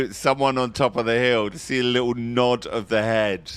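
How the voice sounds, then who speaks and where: A man giving live commentary on a competitive online match, chatty and jokey, breaking into excited high exclamations. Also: dry recording. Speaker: esports commentator.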